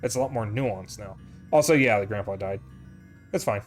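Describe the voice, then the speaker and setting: A man's voice: lowish voice, normal speed, faint music behind. A young man streaming a video game, chatting candidly with viewers, swearing freely and rambling with fillers. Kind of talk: casual gameplay commentary.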